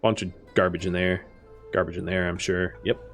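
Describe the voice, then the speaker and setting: A man giving casual let's-play commentary, talking straight to the characters on screen, with excitable outbursts and quiet muttered asides. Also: low voice, moderate pace, music in the background. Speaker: gameplay commentator.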